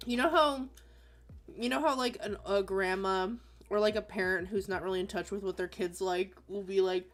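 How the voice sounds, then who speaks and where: A woman chatting casually while she draws, telling animated stories, laughing often, and acting out quotes in squeaky voices. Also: moderate pace, faint music behind. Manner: animated storyteller who acts out quotes in high squeaky voices. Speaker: artist hosting a drawing stream. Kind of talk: casual chat while drawing.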